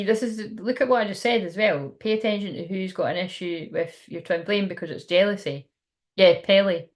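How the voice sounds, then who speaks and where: A young woman giving a casual, frank tarot reading on a livestream, laughing often and swearing now and then. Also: mid-range voice. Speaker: tarot card reader.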